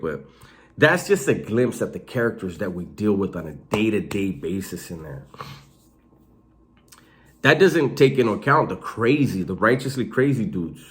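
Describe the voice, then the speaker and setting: A man casually telling stories about prison life in a slangy, animated way, swearing freely. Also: low-pitched. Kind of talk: casual storytelling.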